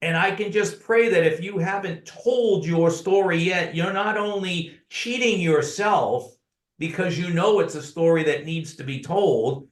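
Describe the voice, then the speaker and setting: A man's voice: high-pitched, measured pace. Earnest storytelling man in an echoey room. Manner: earnest storyteller who addresses the host by name. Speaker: podcast guest, author. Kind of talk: conversational storytelling.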